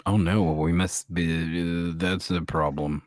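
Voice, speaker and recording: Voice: low voice, fairly even intonation, a little slow, no echo, studio quality. A podcast co-host in casual recap chat, reacting with sassy remarks and gasps.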